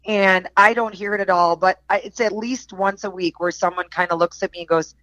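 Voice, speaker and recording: A woman's voice: medium pitch, steady tone, a little fast, fairly bright tone, no room sound, muffled recording. A middle-aged woman from Wisconsin with a Wisconsin accent, a podcast guest chatting casually and animatedly, laughing often. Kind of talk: casual chat.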